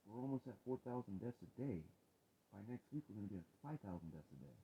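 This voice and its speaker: A man's voice: fairly low pitch, expressive, fast. Agitated, profane man on tinny audio. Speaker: video blogger. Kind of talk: angry ranting monologue. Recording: tinny phone-like audio with faint noise.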